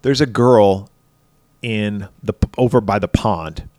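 A man with a lowish voice, recorded dry, speaks slowly as he co-hosts a podcast of casual film talk. He swears freely while retelling a movie scene by scene, giving an animated, profane account and performing the characters' voices.

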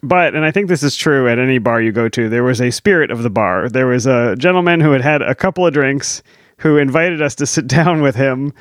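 A man's voice: medium pitch, fairly quick, no room sound, studio quality. A man co-hosting a podcast, chatting casually and laughing easily. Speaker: podcast co-host. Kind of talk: casual chat.

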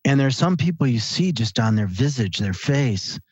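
A man in his late fifties with a husky, slightly breathy voice tells stories as a podcast guest, slipping into the voices of the people he quotes. The recording is dry and a little dull. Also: medium pitch, normal speed, no room sound. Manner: animated storyteller who acts out quoted dialogue. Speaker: guest, author and researcher. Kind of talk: storytelling in a podcast interview.

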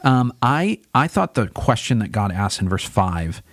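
Talking through a Bible chapter on a podcast he co-hosts, this pastor sounds thoughtful and relaxed until he becomes animated voicing God's questions. He has a lowish voice and an unhurried pace, with no room sound.

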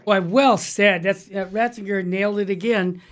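A man's voice: sits high, fairly even intonation, moderate pace. A man in his sixties hosting a religious talk show, telling stories in an emphatic, rambling way. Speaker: Catholic radio host. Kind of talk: casual talk show discussion.

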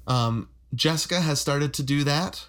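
A man co-hosting a podcast in casual chat, relaxed and rambling, laughing often, with a flat Midwestern accent. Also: fairly high pitch, measured pace. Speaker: podcast co-host.

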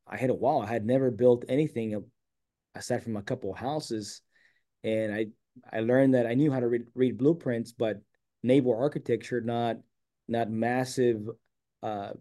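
A man from San Diego, a guest on an interview show, telling a long personal story in a casual way and acting out the quoted lines. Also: medium pitch. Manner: animated, acts out quoted dialogue.

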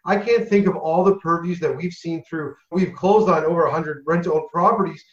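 A man co-hosts a podcast with eager enthusiasm, praising the guest and laughing between lines. His voice sits somewhat high for a man. The recording is roomy and a bit dull and lo-fi. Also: moderate pace. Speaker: podcast co-host. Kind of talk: casual podcast interview. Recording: roomy echo, dull lo-fi sound.

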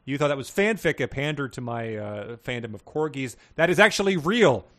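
A man co-hosting a podcast, reading passages aloud with lively, voiced dialogue and laughing often. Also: mid-range voice, brisk. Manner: reads with animated voices for dog quotes, laughs often. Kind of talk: casual chat with read-aloud quiz passages.

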